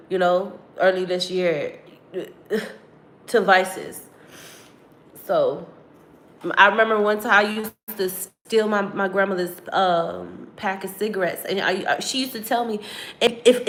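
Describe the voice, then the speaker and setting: A woman's voice: on the low side, steady tone, a little slow, a bit bright. A woman vlogger talking candidly and emotionally to her viewers, rambling and profane, close to tears. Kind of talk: emotional confessional livestream talk.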